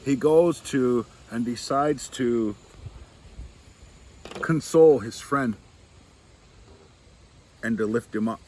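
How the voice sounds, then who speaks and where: A man telling a traditional story slowly, with long pauses, voicing the dialogue of its characters himself. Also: mid-range voice, a little mellow, rough recording. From Seneca territory. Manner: slow, pausing, retells dialogue in quotes. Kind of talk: oral storytelling.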